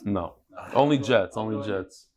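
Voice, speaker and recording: A man's voice: lowish voice, a little slow, crowd noise. A middle-aged man teaching a Talmud class, telling stories and bantering with his students.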